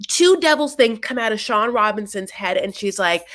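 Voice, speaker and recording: A woman's voice: on the high side, animated, moderate pace, few pauses, sharp tone. A woman hosting a casual chat, rambling through a recap with lots of fillers and acted-out quotes. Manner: rambling, filler-heavy, acts out quotes in funny voices. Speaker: host.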